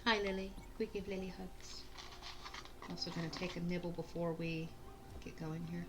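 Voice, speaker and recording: A woman's voice: lowish voice, steady tone, normal speed, music in the background. A young woman streaming a video game, chatting casually with a chatty, self-deprecating manner and frequent laughs. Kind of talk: casual let's-play chat.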